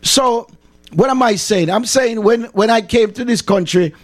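A middle-aged Jamaican chaplain talking casually to a livestream audience, repeating himself for emphasis and slipping into patois. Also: male voice, very high-pitched, measured pace. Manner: repetitive, emphatic, slips into patois.

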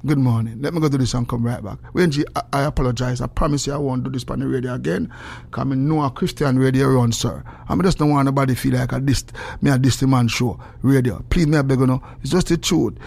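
A man with a Jamaican accent hosting a call-in radio show, swinging between loud preachy shouting and low mumbled asides. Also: quick pace, vocal fry, husky. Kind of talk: animated call-in radio rant.

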